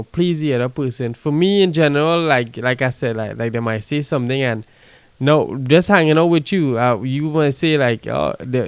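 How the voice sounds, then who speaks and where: Profane laid-back man, smooth voice. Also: medium pitch, no echo. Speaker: podcast co-host. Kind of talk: casual chat.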